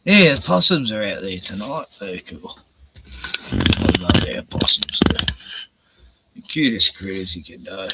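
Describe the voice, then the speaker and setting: A man's voice: fairly low pitch, sing-song, moderate pace, noisy background. An older man with an Australian accent hosting a casual late-night livestream, out of breath, sighing and swearing as he rambles. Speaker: livestream host.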